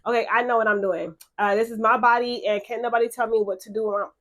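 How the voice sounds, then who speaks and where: A woman's voice: on the high side, fairly even intonation, fast talker, a bit bright. A young woman talking in a casual confessional vlog, chatty and emotional, full of fillers and repeated words, frank and blunt. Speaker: vlogger.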